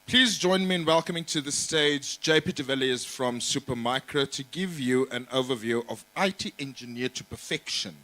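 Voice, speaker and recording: A man's voice: mid-range voice, normal speed, hardly any pauses, bright, forceful tone, low-quality recording. A man acting as emcee at a conference, making a light joke before formally announcing the next speaker. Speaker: event emcee.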